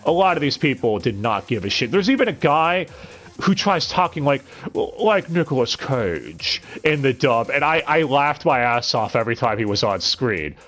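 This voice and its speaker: A man's voice: medium pitch, animated, moderate pace, a bit bright. A man reviewing an anime dub on a live stream, talking casually with frequent stammered restarts and blunt, profane sarcasm.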